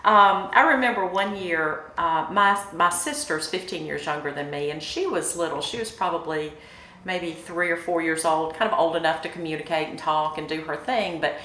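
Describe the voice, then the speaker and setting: A woman's voice: deep voice, normal speed, reverberant, slight background noise, poor audio. Woman in her fifties reminiscing. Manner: warm, chatty, many fillers, emotional in places. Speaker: mayor. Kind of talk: casual interview reminiscing.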